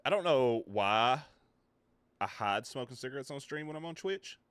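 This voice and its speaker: A man's voice: mid-range voice, lively intonation, normal speed, a bit bright, clear, resonant tone, dry recording. A man chatting casually with his viewers on a live stream, joking, rambling and swearing freely.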